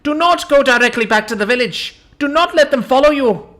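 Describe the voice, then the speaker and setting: A small, protective alien villager from a storybook, as a woman puts it on, calling out raised, urgent warnings with a lively, swooping voice. The delivery is pitched higher than the narration and stays pressing and loud. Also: fairly quick. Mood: alarmed.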